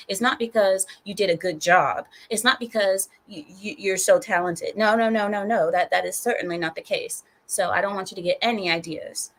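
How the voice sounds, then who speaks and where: A woman hosts a casual live stream, her voice a little hoarse from shouting. She scolds her viewers with playful, mock-stern teasing. Her pitch sits in an ordinary middle range. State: hoarse from screaming. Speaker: livestream host.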